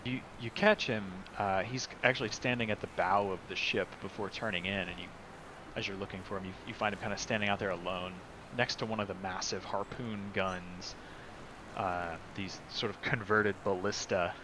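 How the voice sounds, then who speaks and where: A man's voice: on the low side, fairly even intonation, normal speed. A man running a tabletop game as game master, describing scenes in a loose, rambling way with frequent fillers. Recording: noticeable background noise.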